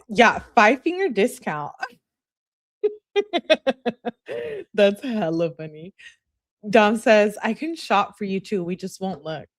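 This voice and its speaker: A woman reads text messages aloud at an unhurried, drawn-out pace. She adds sassy asides between the messages, laughs and talks back to what she reads. Her voice sits at an everyday middle pitch. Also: animated. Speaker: host reading text messages. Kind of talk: casual commentary reading texts aloud.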